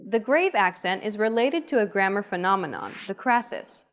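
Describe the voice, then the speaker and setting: A woman giving scripted explanations in a language lesson, in a plain, even tone. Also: medium pitch, normal speed. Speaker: narrator.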